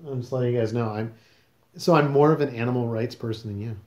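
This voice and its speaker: A man's voice: mid-range voice, quick pace, darkish tone, reverberant. A man hosting a casual podcast, questioning his guest in a teasing, mock-serious way. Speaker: podcast host.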